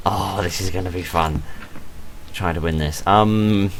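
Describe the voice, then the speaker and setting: A man's voice: deep voice, unhurried, noisy background. A man who says he is tired and half asleep, hosting his gaming video in a rambling, chatty commentary full of self-mocking asides. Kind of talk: casual gameplay commentary.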